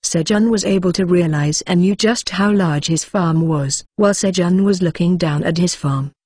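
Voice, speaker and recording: Low, husky woman reading a story. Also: normal speed, darkish tone, no echo, clean studio sound. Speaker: narrator. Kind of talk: audiobook narration of a web novel.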